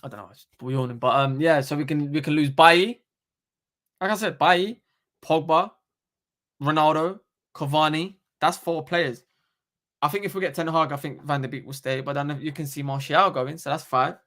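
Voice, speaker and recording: A young man, hosting a casual live stream into a desktop microphone and talking in an animated, slangy, sweary way. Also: on the high side, moderate pace. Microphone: desktop USB microphone.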